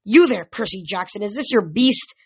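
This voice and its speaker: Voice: mid-range voice, animated, normal speed, breathy edge, no echo. A reader voicing a fussy, blustering, very old and fat male satyr in a pompous, huffy manner for an audiobook. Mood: indignant. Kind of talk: audiobook reading.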